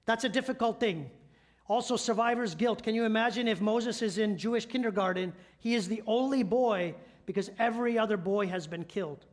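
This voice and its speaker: A man's voice: high voice, brisk. A middle-aged man, a church elder, preaching a sermon in a conversational storytelling way with rhetorical questions.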